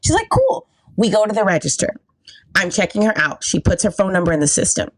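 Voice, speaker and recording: A woman's voice: medium pitch, quick pace, no room sound, low-quality recording. A woman telling a comic story on a podcast, acting out voices and laughing often. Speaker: podcast guest comedian. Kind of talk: casual storytelling chat.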